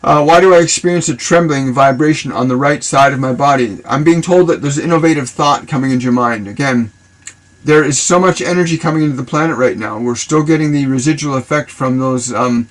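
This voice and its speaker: A man of middle pitch talks through viewer questions on a live stream, offering spiritual guidance. His delivery is loose and rambling, circling back on phrases and slipping into spoken affirmations. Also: fairly quick, rough recording. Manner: loose and rambling, repeats himself, speaks in affirmations. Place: live social video stream.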